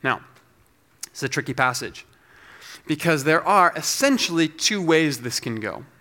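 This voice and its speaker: A man preaching a teaching sermon, explaining scripture in a measured, scholarly way. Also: on the high side, animated, bright, forceful tone. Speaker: pastor.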